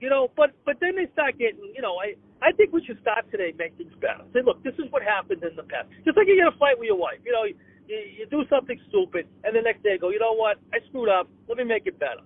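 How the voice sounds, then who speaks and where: A Boston man with a strikingly high voice launches into an exasperated comic rant, tripping over his words and repeating himself. The sound is thin and tinny, like a phone line. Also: sing-song, fast. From Boston area. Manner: exasperated, repetitive stammering rant. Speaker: comedian guest. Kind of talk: ranting comic monologue on a call.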